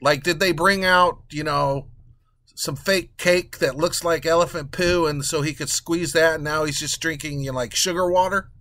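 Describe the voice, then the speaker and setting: A man hosting a casual talk show, ranting in a crude, sarcastic, animated way. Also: a little high, moderate pace, no echo. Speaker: podcast host.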